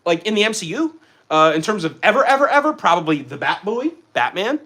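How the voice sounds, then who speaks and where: Reading out comments from viewers, a young livestream host chats casually in an energetic, rambling way. Quick pitch jumps and bursts of laughter run through his talk.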